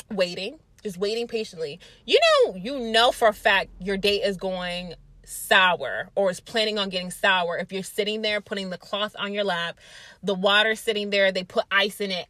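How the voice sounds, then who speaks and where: This young woman tells her story in a bright, forceful voice, swearing freely and filling gaps with "like" and "um". Her delivery is animated and chatty. The recording is dry and close, with no room sound. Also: mid-range voice, no room sound. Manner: profane, animated storytelling with lots of fillers. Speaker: vlogger. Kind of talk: casual storytime chat.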